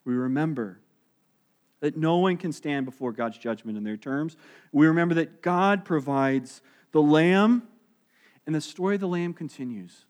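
High-voiced preacher with lively storytelling. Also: male voice. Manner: animated storytelling, acting out quoted voices; drops soft and slow on key phrases. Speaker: pastor. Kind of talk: sermon.

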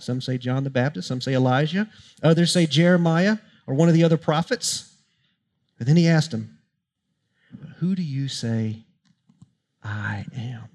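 A man's voice: on the high side, darkish tone. A man preaching a sermon as pastor, impassioned and emphatic, building to strong peaks.

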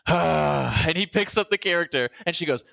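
A man co-hosting a casual chat, telling rambling, animated stories and overthinking things aloud. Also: high voice, quick pace, no echo, lo-fi sound.

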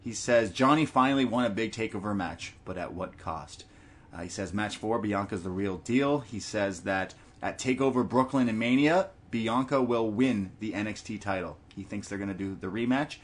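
A man's voice: fairly low pitch, moderate pace. A man co-hosting a podcast in casual chat, reading listener messages aloud and laughing often. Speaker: podcast co-host.

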